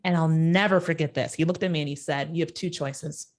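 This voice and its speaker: Woman, storytelling guest, lowish voice, animated, jumps in pitch on quoted lines. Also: fairly quick. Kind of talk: personal storytelling in an interview.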